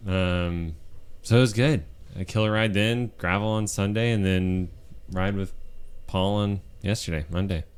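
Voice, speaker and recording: A man in casual podcast chat, recapping his riding week in a laid-back, halting way. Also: sits low, fairly even intonation, clean tone.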